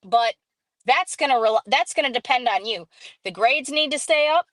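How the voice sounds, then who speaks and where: A woman hosting a casual live stream, telling a story in an animated way, acting out quoted dialogue and greeting viewers as she goes. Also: sits high, moderate pace, no room sound, poor audio.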